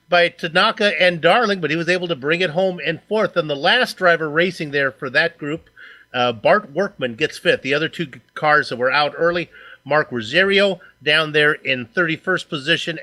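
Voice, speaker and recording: A man with a fairly high, bright voice calls out sim racing results as host. He chats easily and jokes with the drivers he interviews. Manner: chatty, joking interviewer. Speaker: broadcast host. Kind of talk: sim racing broadcast commentary.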